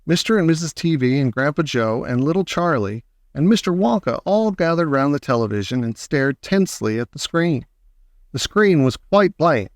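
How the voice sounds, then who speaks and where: A man narrating a children's story aloud in a steady, expressive reading. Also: fairly high pitch, normal speed, no room sound, clean studio sound. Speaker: audiobook reader.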